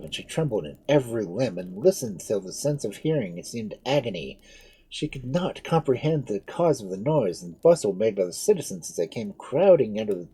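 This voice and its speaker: A man reading a novel aloud as a storyteller, in a dramatic and expressive way. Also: fairly low pitch, husky, rough recording.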